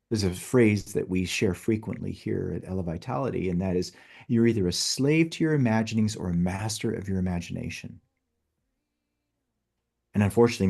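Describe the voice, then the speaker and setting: Earnest man with a husky, low voice. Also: a little mellow. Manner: earnest, storytelling, addresses listener directly. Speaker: coach. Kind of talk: motivational talk.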